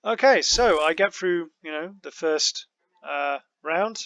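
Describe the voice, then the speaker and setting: A man's voice: a little high, lively intonation, takes it slowly, a bit bright. A man giving casual, rambling commentary over his card game matches, often joking at his own expense. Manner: rambling, self-mocking, many fillers.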